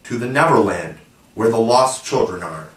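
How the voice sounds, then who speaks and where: A man reading aloud and voicing a motherly young girl who tells a bedtime story, patient and gently scolding. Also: mid-range voice, lively intonation, moderate pace, lightly acted. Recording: roomy, distant mic.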